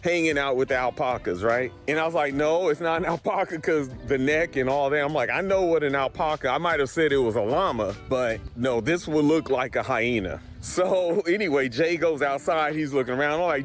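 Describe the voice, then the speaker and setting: A middle-aged man from Colorado, an appraiser telling a story to camera in a casual, animated way and laughing along as he goes. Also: a little high, brisk, hardly any pauses, faint music behind. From Colorado, USA. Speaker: real estate appraiser.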